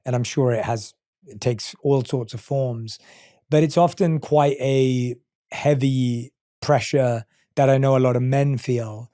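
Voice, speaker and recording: A man's voice: medium pitch, steady tone, unhurried, mellow. A man hosting a podcast, asking long, reflective questions. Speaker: podcast host. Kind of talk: podcast interview.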